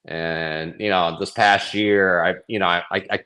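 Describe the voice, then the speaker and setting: A man with a fairly low voice talks as a guest in a relaxed interview. He rambles and hesitates as he tells his story, circling back and restarting his points. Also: a little slow. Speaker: cranberry grower, guest. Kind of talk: casual interview chat.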